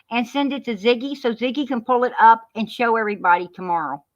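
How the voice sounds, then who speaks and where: A woman's voice: a little high, fairly bright tone. A woman speaking on a heated live stream, preachy and repetitive, calling people hon and sweetheart. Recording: muffled lo-fi live-stream audio.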